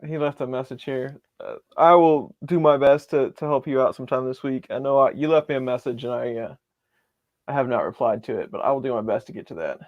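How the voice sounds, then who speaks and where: A man co-hosting a livestream, speaking in a plain, measured way with some hesitations. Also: mid-range voice, dry recording, dull audio. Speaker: stream co-host. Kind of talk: casual chat.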